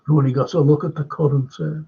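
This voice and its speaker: This older host with a Liverpool accent talks fast in a fairly high, level voice with a breathy edge. He meanders through casual live-stream chat, reading viewer comments and restarting frequently, over dull lo-fi sound.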